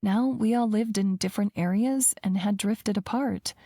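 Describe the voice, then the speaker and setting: A woman narrating a first-person romance audiobook in an even, measured storytelling voice, close to the mic. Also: medium pitch, no room sound.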